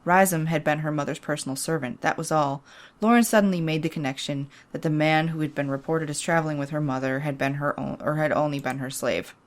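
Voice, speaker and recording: Woman host, low voice, reads game story aloud, giggly. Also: fairly even intonation, brisk, hardly any pauses. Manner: giggly, chatty narration. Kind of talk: let's play, reading game text aloud.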